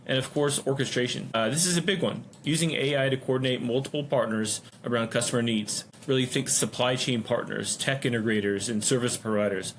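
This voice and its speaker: A man in a casual business podcast chat who lays out his ideas in neat lists, point by point, over a faint hiss. His voice sits at an ordinary middle pitch. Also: a little fast, hardly any pauses. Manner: orderly, explains in lists. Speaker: podcast co-host.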